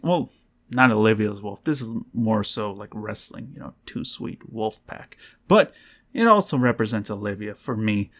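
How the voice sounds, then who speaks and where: A man's voice: on the low side, big pitch swings, normal speed. Rambling young man, casual recap. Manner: rambling, swears freely, laughs often, acts out quotes. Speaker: vlogger.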